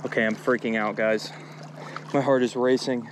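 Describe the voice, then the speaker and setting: Young male fishing vlogger, mid-pitch voice, talks to camera outdoors by a lake, excited repeats, audible water and wind behind. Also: normal speed. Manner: talks to viewers while fighting a fish, repeats himself. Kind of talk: excited live commentary.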